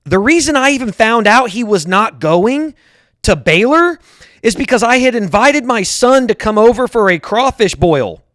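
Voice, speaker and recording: A man's voice: very high voice, lively intonation, moderate pace, fairly bright tone, no echo, clean studio sound. A man in his thirties hosting his own show, venting in a heated, profane monologue and often repeating himself. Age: 30s. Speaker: show host. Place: lives in Harris County, Texas.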